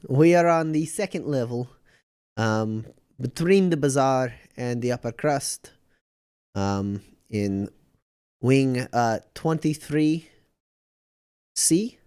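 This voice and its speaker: Give me a calm, matter-of-fact woman doctor, voiced by a game master. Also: medium pitch, slow, pauses often, clean tone. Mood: businesslike. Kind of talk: tabletop role-play voicing.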